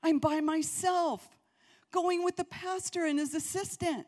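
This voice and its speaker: A middle-aged woman pastor preaching a sermon, acting out prayers and conversations with big swings in pitch and loudness. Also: steady tone, a little slow.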